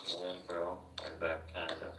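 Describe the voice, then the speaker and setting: A man's voice: deep voice, completely flat delivery, a little slow, gravelly, very noisy. A young man in casual chat, blunt and joking with plenty of profanity, heard on a roomy, distant mic.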